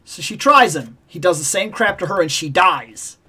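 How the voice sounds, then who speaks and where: Animated woman telling a gaming story. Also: fairly low pitch, normal speed, slightly rough. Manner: animated, acts out game sounds and voices; passionate, opinionated about games. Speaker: toy collecting channel host. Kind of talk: casual storytelling vlog.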